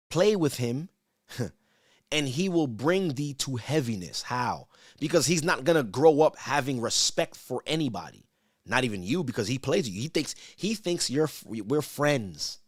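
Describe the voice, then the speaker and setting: A man who is a church elder, teaching from the Bible in a casual, conversational way, asking rhetorical questions and reading verses slowly with emphasis. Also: medium pitch, expressive, no room sound, studio quality. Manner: conversational, asks rhetorical "right?", stammers repeats.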